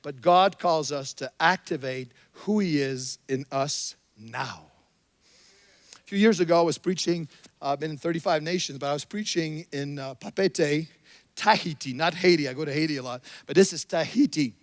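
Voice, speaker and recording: A middle-aged male pastor preaching a sermon, moving between soft storytelling and shouted calls to the congregation. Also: a little high, normal speed, no room sound. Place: church sanctuary.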